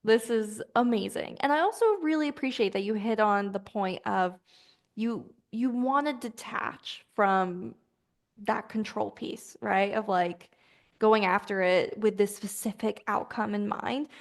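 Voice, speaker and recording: A woman's voice: mid-range voice, measured pace. A woman podcast host chatting casually, affirming her guest and reflecting on the point. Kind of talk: casual interview chat.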